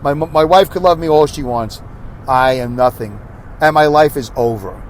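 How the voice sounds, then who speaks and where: A man's voice: a little high, moderate pace, slight background noise. A middle-aged man hosting his own podcast, talking through a hard stretch of his life in an earnest, rambling, confessional monologue. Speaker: podcast host.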